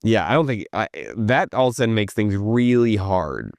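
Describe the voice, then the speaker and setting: A man with a low voice co-hosts a relaxed podcast. He rambles through his stories, restarting sentences and leaning on "like." The sound is dry and close, with no room echo. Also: moderate pace. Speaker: podcast co-host. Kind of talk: casual chat.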